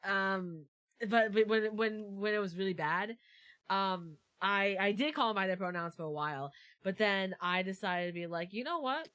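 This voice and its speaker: A woman's voice: medium pitch, steady tone, moderate pace, a bit bright, clear, resonant tone, dry recording. A woman hosting a casual stream chat, rambling and repeating herself as she talks. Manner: rambling, repeats words, lots of fillers. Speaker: streamer and host.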